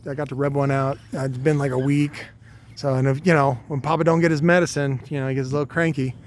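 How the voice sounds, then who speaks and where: A man telling a rambling, crude vlog monologue to his viewers with many fillers. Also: a little high. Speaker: vlogger.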